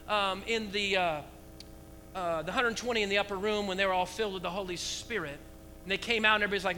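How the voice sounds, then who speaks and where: A man preaching a lively sermon to his church, asking the congregation rhetorical questions. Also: high voice, fast talker, a little hiss or hum, low-quality recording. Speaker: pastor.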